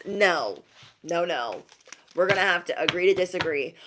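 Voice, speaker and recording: A woman's voice: animated, fast, fairly bright tone, slight background noise. Sassy, emphatic woman reading tarot. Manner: sassy, emphatic, repeats lines for effect; mocks others in high put-on voices. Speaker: tarot reader. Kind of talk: casual tarot reading to viewers.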